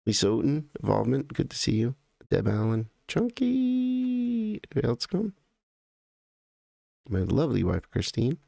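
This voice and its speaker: An American man hosting a live stream, chatting casually and in a halting, rambling way as he greets viewers by name. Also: on the low side, creaky, dark tone, husky, no room sound, studio quality.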